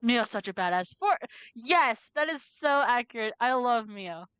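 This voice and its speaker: A woman's voice: on the high side, animated, a little slow, fairly bright tone, clean tone, no echo. Female let's-play host, casual and giggly, close dry sound. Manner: chatty and giggly, swears when startled. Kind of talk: game commentary, reading game text aloud.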